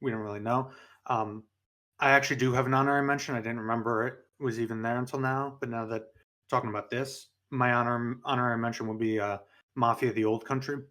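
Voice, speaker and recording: A man's voice: medium pitch, steady tone, fast talker, pushed and bright. A man from New York co-hosting a gaming podcast in casual chat, rambling and correcting himself mid-sentence. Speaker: podcast co-host.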